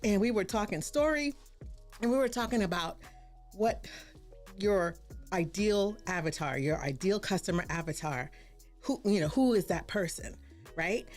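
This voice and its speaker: A woman's voice: medium pitch, animated, normal speed, long pauses, darkish tone, faint music behind. A woman hosting a casual live stream as a branding coach, bubbly and exclaiming often as she greets viewers by name.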